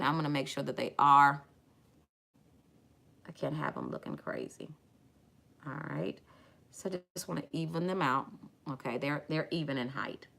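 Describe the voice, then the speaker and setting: Woman, middle-aged, chatty live makeup-tutorial host; low-ish, bright, punchy voice. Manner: chatty, addresses viewers as y'all and ladies. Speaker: makeup brand owner streaming a tutorial.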